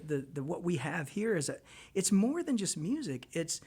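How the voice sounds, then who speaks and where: A man from Texas, a guest musician telling a long rambling story in a casual, animated way on a radio show. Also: high voice, moderate pace, husky.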